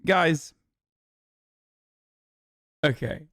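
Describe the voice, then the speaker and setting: A man's voice: fairly high pitch, animated, drawn-out words, a bit bright, no room sound, studio quality. A man reacting to clips on a live stream, with brash, profane, joking commentary.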